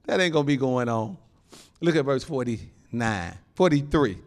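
A male pastor preaching a sermon in an animated, folksy way, laughing often and calling out to the congregation. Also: medium pitch, normal speed. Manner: folksy informal phrasing.

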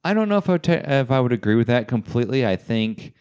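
A man's voice: mid-range voice, very animated, fast, darkish tone, clean tone. A man co-hosting a podcast in casual chat, easygoing and agreeable, with many fillers. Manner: conversational, agreeable, filler-heavy. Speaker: podcast co-host.

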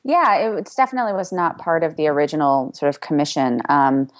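Low-voiced woman author, hesitant and relaxed. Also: fast talker. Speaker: guest author. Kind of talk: interview answers.

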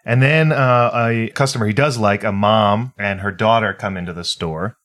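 Wry, low-voiced podcast panelist man. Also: normal speed, fairly bright tone. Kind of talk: casual podcast chat.

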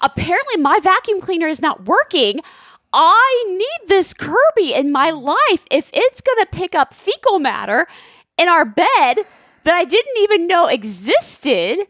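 A woman with a very high-pitched voice speaks a little slowly, recorded in studio quality with no echo. Telling a story in casual conversation with her husband, she acts out quoted voices animatedly and leans heavily on "like" as filler.

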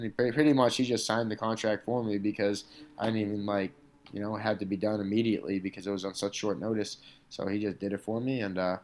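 This man speaks on the low side with a steady, slightly mellow tone and a quick pace. He's a pro MMA fighter appearing as an interview guest, rambling casually through career stories packed with "like" and "you know."

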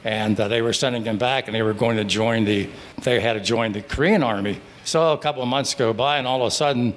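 An older man from Pittsburgh telling his service stories at a live breakfast gathering in a restaurant, in a halting, rambling way with many restarts. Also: medium pitch, slight background noise. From Pittsburgh, Pennsylvania. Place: restaurant dining room.

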